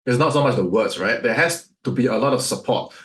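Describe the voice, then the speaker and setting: A man with a Singaporean English accent teaches sales, firing question after question at his audience. His voice sits at an ordinary pitch for a man. The sound bounces around an echoey room. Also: lively intonation, fairly quick, fairly bright tone. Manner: rhetorical, fires off questions at listeners. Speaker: sales coach.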